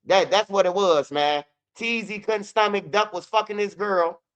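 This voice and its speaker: This man's voice sits high and is a bit bright and clean, heard at a moderate pace on a recording with the highs cut off. He hosts a commentary channel, delivering casual street news as a loose, blunt, profane rant with repeats and mock rapping.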